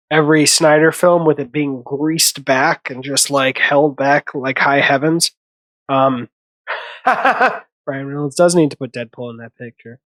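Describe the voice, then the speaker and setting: Brief: male movie-commentary host, slightly higher voice, rambling and self-correcting, dry close sound. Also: dry recording. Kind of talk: casual reaction commentary.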